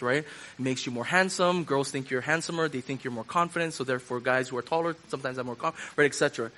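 A man's voice: a little high, fairly bright tone. A man preaching a sermon in a loose conversational way, repeating phrases for emphasis and using casual fillers. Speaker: pastor.

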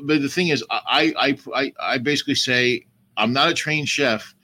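A man's voice: medium pitch, moderate pace, sharp tone. A man in his sixties, a cooking show host who chats easily and explains things patiently as a guest. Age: 60s. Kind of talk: casual chat.

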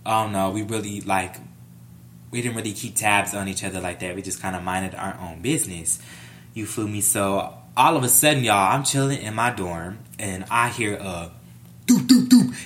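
A young adult man vlogging a casual storytime, animated and profane, playing up every scene. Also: lowish voice, normal speed, a little hiss or hum.

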